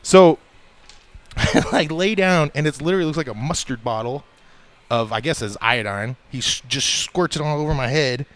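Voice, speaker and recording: An American man telling a long story as a radio show guest, animated and laughing often as he acts out the voices of people in it. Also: mid-range voice, moderate pace, clean tone. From United States. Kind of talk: casual storytelling.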